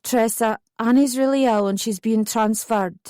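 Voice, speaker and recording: A woman's voice: on the high side, normal speed, dry recording, studio quality, natural voice. A woman voicing a tearful, proud mother in an audiobook. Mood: tender. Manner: soft, choked-up.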